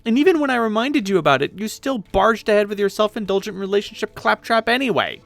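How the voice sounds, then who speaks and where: A man voicing a furious young woman who shouts and snaps sarcastically at her friend, in a webcomic read aloud with voices. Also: sits high, lively intonation, fast talker, vocal fry, dry recording, soft background music, pitched above the performer's own voice, full character voice.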